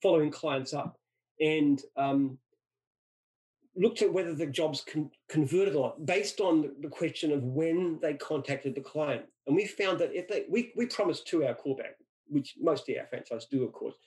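A middle-aged Australian man, a franchise founder, answers interview questions with anecdotes, speaking emphatically and repeating words whenever he restarts a sentence. His voice sits on the high side with a darkish tone, delivered at normal speed on a low-quality recording.

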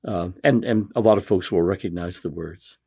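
A man talking as a guest in a conversational interview, soft-spoken and moved, laughing often. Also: sits low, normal speed, gravelly, husky. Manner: emotional, choking up while reading aloud. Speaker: guest author.

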